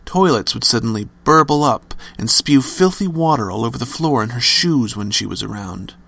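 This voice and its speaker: Gravelly male horror storyteller. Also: mid-range voice, animated, normal speed, a bit bright, no room sound. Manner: dramatic storytelling, varied emphasis. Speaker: narrator. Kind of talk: scripted horror story narration.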